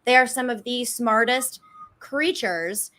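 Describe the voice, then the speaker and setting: A woman's voice: on the high side, slow, pushed and bright. A woman co-hosting a podcast who chats eagerly and laughs often while interviewing a guest. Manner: chatty and enthusiastic, laughs often. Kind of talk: casual podcast chat.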